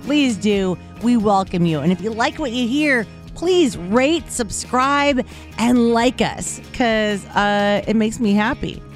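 A woman's voice: fairly high pitch, slow pace, soft background music. A woman hosting a recovery podcast from home, talking candidly and chattily, self-deprecating and swearing freely. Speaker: podcast host. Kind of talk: casual recovery podcast chat. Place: at home, recording remotely. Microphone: broadcaster board mic.

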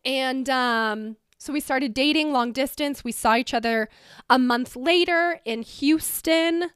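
A woman in her thirties from the United States hosts a personal podcast, recorded close and dry. Her voice sits a bit high. She talks in a chatty, emotional stream full of "like" and small restarts. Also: slow pace, fairly bright tone, clear, resonant tone, no room sound. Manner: chatty, emotional, heavy use of "like". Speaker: podcast host. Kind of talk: personal storytelling.

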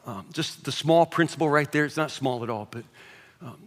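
A man preaching a sermon in a folksy way, repeating words, saying y'all, and dropping to a low, quiet voice for emphasis. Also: moderate pace, long reverb tail. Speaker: pastor. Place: church hall.

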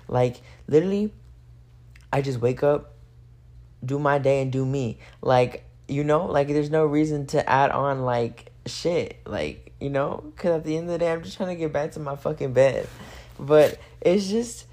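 An eighteen-year-old host rambles through a late-night solo podcast rant recorded on a phone. The talk is loose and profane, packed with "like" fillers, and comes from someone who is a little high. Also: moderate pace, darkish tone. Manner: rambling, profane, heavy use of "like".

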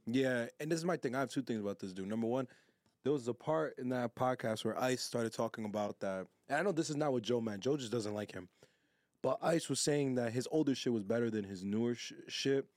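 A man's voice: mid-range voice, a little fast, a little mellow, no echo, studio quality. A man co-hosting a podcast in casual chat, blunt, profane and fired-up. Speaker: podcast co-host.

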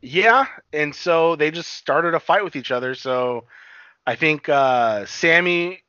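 A man co-hosting a casual chat, retelling things in a rambling, profane, animated way. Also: a little high, slow pace, smooth, no room sound, dull audio. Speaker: podcast co-host.

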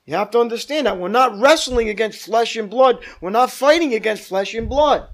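A man's voice: very high-pitched, normal speed. A male pastor leading a Bible study, teaching emphatically, repeating points and asking the group questions.

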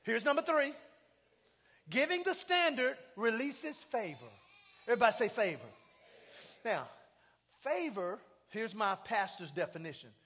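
A man pastor preaching a sermon in a church, leading call-and-response and rising to shouts. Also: extremely high pitch, big pitch swings, measured pace, long pauses, slightly rough. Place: church sanctuary. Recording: long hall reverb.

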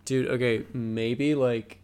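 A man's voice: medium pitch, steady tone, slow, darkish tone, smooth. A man co-hosting a podcast in casual, rambling, joking chat full of fillers. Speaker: podcast co-host.

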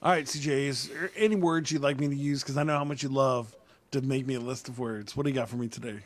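A man's voice: medium pitch, steady tone, fast. A man hosting a casual podcast, talking in a rambling, easygoing way and often restarting his sentences. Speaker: podcast host. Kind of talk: casual chat.

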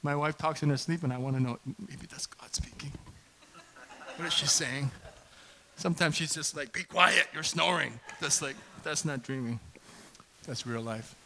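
A middle-aged man preaching a casual sermon in a church, chatty and self-deprecating, bursting into loud impassioned preaching when he gets going. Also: on the high side, moderate pace, pauses often, slight background noise, low-quality recording. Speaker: pastor. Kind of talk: conversational sermon.

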